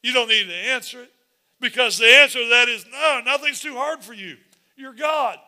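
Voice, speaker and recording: A man preaching a sermon as pastor, animated and repetitive, building up to shouts. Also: very high-pitched, normal speed.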